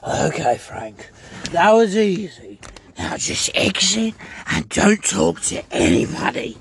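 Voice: medium pitch, big pitch swings, slow. A podcaster reading aloud as a germ-fearing older man who turns panicky. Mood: nervous. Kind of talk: reading a video script aloud.

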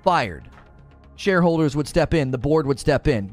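A man streaming heated gaming commentary, sarcastic and animated, mocking viewers in put-on voices. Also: a little high, moderate pace, soft background music.

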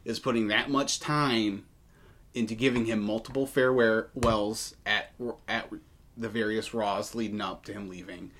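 A man's voice: lowish voice, fairly even intonation, a little slow, fairly bright tone. A man co-hosting a casual wrestling news podcast, talking with many fillers and false starts. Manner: hesitant, many fillers and restarts. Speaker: podcast co-host.

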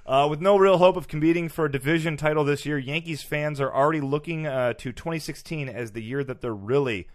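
A man co-hosting a comedy podcast, reading scripted jokes with a deadpan delivery. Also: on the high side, brisk, few pauses, dry recording, studio quality. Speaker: podcast co-host.

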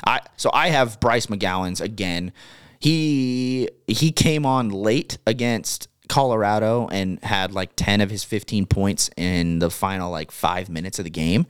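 A young man co-hosting a sports podcast, casual and animated, often repeating his words as he talks. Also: on the low side, unhurried, clear, resonant tone, no echo, clean studio sound. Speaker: podcast co-host.

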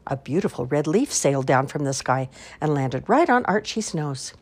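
Storybook reader, woman, low and husky, expressive. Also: moderate pace. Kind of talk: reading children's stories aloud.

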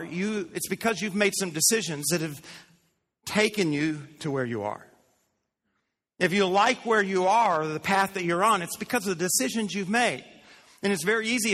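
A man's voice: high voice, fairly bright tone, long reverb tail. A man preaching a sermon to his congregation, emphatic, asking them questions and repeating his phrases. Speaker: pastor. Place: church sanctuary.

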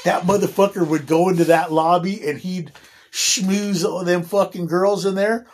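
A man's voice: high voice, fairly even intonation, normal speed, a little mellow, breathy edge. A man casually telling a long story, swearing constantly, laughing often and restarting his sentences. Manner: profane, laughing, rambling with many restarts.

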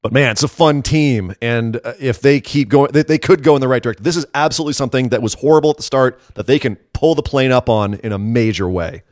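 A man's voice: mid-range voice, quick pace, few pauses, darkish tone, dry recording. Man, co-host, casual opinionated chat, sarcastic edge, dry close sound. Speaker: wrestling podcast co-host.

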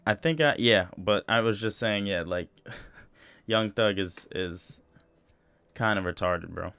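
A man's voice: fairly low pitch, takes it slowly, a bit bright, smooth. A man hosting a podcast in casual chat, swearing freely and repeating himself as he rambles. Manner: profane, rambling, repeats phrases. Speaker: podcast host.

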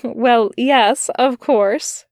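A gentle, fussy male angel who stumbles over his words when he is flustered and lifts his voice high when he pleads, as a woman reads him aloud. The delivery is unhurried and close, in a dry room. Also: no echo. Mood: tender, flustered. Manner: flustered, tender, stammering.

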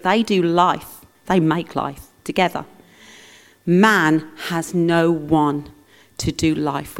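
A woman preaching a conversational sermon in church, teaching with humour and playful asides. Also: on the low side.

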